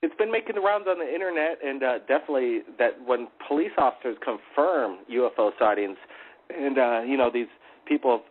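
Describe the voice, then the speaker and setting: A man's voice: medium pitch, lively intonation, brisk. A man hosting a live call-in radio show, upbeat and chatty, with plenty of fillers. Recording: phone-like narrow audio.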